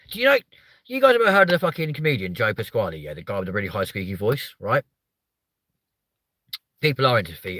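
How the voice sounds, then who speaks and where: A man's voice: bright, forceful tone, no room sound. A man hosting a comedic live stream, rambling and swearing as he jokes with his viewers. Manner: sweary, rambling, jokey, slips into silly high voices.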